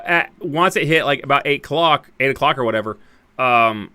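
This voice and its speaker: A man's voice: mid-range voice, brisk, sharp tone, smooth, dry recording. A man on a podcast telling a long, rambling personal story, acting out the dialogue and often laughing and restarting. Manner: rambling, acts out quoted dialogue. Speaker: podcast host. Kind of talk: casual storytelling.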